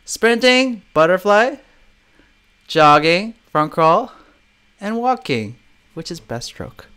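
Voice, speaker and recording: A man's voice: high voice, slow, pauses often, clean tone. A young man from Chicago hosting a casual live stream, talking emphatically and asking rhetorical questions as he reads out viewer comments. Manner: lively, emphatic, rhetorical questions, reads chat names aloud. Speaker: live-stream host, guitarist. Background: soft guitar playing.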